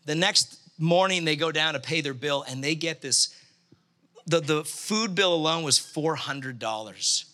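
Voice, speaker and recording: A man preaching through a story, animated and acting out the voices of the people in it. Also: a little high, unhurried. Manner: animated, acts out quoted voices. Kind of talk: storytelling sermon.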